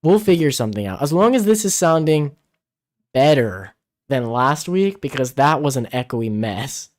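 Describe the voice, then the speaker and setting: A man's voice: medium pitch, sing-song, moderate pace. Chatty man reading viewer comments. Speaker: livestream co-host. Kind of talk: casual live-stream chat. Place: home in the Philippines. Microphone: camera-mounted mic, out of frame.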